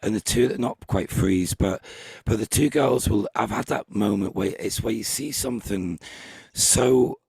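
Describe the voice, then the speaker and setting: A man hosting a casual group chat, talking in halting bursts full of restarts. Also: on the low side, gravelly, a little mellow, slight background noise. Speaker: host.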